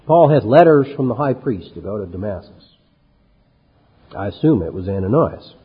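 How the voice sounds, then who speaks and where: A man's voice: fairly low pitch, animated, moderate pace, husky. A man preaching an expository sermon, reading scripture aloud with rising force and then commenting in a conversational way. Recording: lo-fi recording with long hall reverb.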